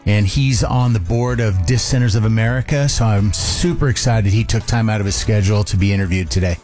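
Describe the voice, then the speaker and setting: A man's voice: fairly low pitch, fairly quick, darkish tone, faint music behind. A man hosting an interview with a guest, chatty and encouraging in a casual back-and-forth. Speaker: chiropractor host interviewing a guest.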